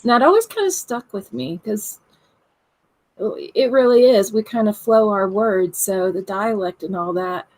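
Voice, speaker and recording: A woman's voice: mid-range voice, unhurried, a little mellow, rough recording. A woman with a Southern American accent, co-hosting a casual paranormal chat on a video call and laughing easily. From Southern United States. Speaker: paranormal investigator and co-host.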